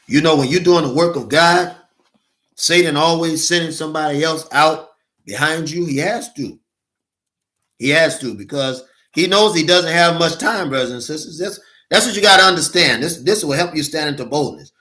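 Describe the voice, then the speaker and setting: A man's voice: on the high side, expressive, bright, forceful tone. A man preaching a sermon as a minister, repeating rhetorical questions to his listeners. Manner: reads scripture slowly and deliberately.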